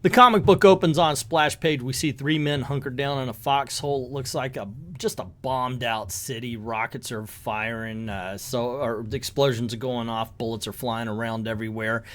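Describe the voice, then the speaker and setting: A man's voice: mid-range voice, fairly even intonation, moderate pace, hardly any pauses, a bit bright. A man reviewing a comic book in casual commentary, hesitant and rambling, with many fillers.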